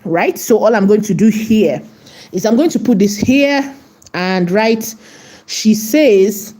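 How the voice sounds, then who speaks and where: A woman with a medium-pitched, dark-toned voice hosts a live AI video tutorial. She chats with her viewers and the chat as she goes through the steps, often checking in with "right?"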